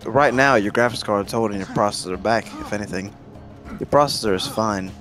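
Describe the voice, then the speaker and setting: A man streaming a game, chatting casually and giving relaxed hardware advice, swearing now and then. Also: lowish voice, a little fast, soft background music.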